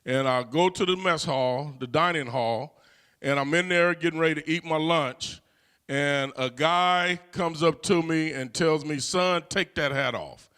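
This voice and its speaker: A man's voice: on the high side, unhurried, fairly bright tone, clear, resonant tone. A middle-aged man from California telling a personal life story in a conversational way, with frequent "you know" fillers. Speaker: guest.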